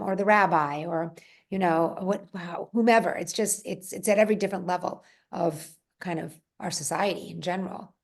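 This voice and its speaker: A woman from Rhode Island talking casually on a podcast, telling stories with lively restarts. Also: on the low side. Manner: animated storytelling, frequent restarts and laughs. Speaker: podcast guest or co-host. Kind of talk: casual conversational podcast talk.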